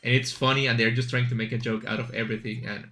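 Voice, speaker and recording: A man's voice: medium pitch, flat delivery, fast talker, a bit bright, faint music behind. A man streaming a game, chatting casually and rambling with asides and fillers as he plays. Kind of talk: casual chat while gaming.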